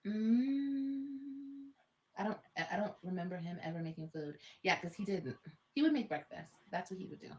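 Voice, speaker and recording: A woman's voice: mid-range voice, animated, normal speed, dark tone. A woman talking live to her viewers, repeating herself and sinking to a near-whisper, often tearful. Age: adult. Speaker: livestream host. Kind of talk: emotional livestream talk.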